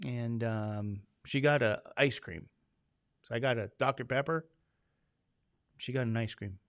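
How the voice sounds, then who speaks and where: A man's voice: medium pitch, a little slow, fairly bright tone, clean tone, dry recording, studio quality. A man, a statistics instructor chatting casually and jokingly with his class before a lesson. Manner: chatty, joking storyteller, acts out quoted voices.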